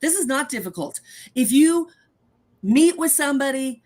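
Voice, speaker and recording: A woman hosts a live talk show and makes her points bluntly and emphatically. Her voice sits fairly high and swoops lively up and down as she argues. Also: moderate pace. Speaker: host. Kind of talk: live podcast chat.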